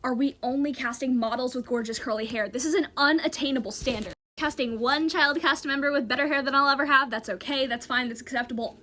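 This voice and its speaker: A woman's voice: on the high side, fairly quick, hardly any pauses, bright, forceful tone, slight background noise. A woman in a dramatic, mock-outraged rant about casting news as a fan.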